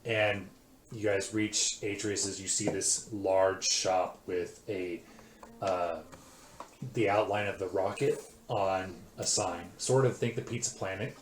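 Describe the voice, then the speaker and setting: A man running a tabletop game as game master, describing scenes in a halting way full of fillers. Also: low-pitched, fairly even intonation, a little hiss or hum. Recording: roomy echo.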